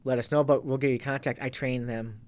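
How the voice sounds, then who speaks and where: A man's voice: mid-range voice, fairly even intonation, fairly quick, darkish tone. A man in a casual interview talks as a fitness coach in a mid-range voice. His talk is loose and rambling. He often breaks off and restarts his sentences. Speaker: guest, fitness and kettlebell coach.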